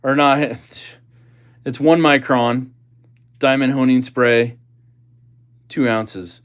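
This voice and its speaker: A man's voice: mid-range voice, fairly even intonation, slow pace, clear, resonant tone. A man hosting a casual livestream, chatting about gear and reading viewer comments aloud. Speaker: livestream host.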